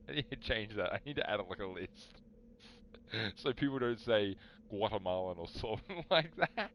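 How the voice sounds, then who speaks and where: Brief: a young, very low-voiced streamer, chatty and animated, faint hiss behind. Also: male voice, normal speed, poor audio. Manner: rambling, animated, talks to chat. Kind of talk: casual storytelling on a live stream.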